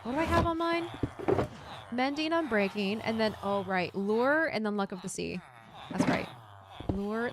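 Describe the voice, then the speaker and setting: A young adult woman streamer chatting casually with viewers while playing a game, animated and giggly. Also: medium pitch, a little slow, very noisy. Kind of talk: casual gameplay chat with viewers.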